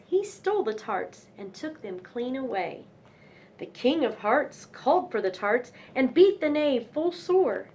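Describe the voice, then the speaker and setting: A woman's voice: on the high side, a little hiss or hum. A young woman reading nursery rhymes aloud in a sing-song manner, with chatty asides between poems.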